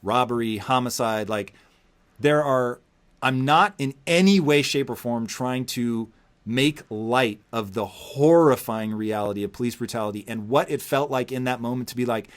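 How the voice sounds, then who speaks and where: A man hosting a podcast interview, telling a story with lively acted-out quotes and plenty of swearing. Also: medium pitch, normal speed. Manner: animated storyteller, acts out quotes, heavy swearing. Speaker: podcast host. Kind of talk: casual interview conversation.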